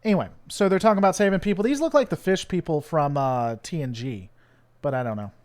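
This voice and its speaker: A man's voice: a little high, fast talker, a little mellow. A man from the United States hosting his channel, rambling and joking with lots of fillers in casual live-stream commentary. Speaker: channel host.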